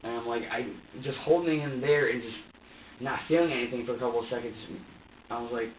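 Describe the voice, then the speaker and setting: A man in his twenties, speaking at medium pitch, is questioned as a suspect in an interview room and rambles profanely, tripping over repeated words. The audio is dull and distant, with room echo, faint ambience and a little hiss or hum.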